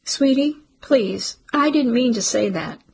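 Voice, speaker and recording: A woman reading the part of a mother who snaps at her daughter and then regrets it, in a sharp, hissing voice. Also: sits high, unhurried, vocal fry, husky, voice pushed up, exaggerated voice. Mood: remorseful. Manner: sharp, hissing when furious. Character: angry remorseful mother at a restaurant.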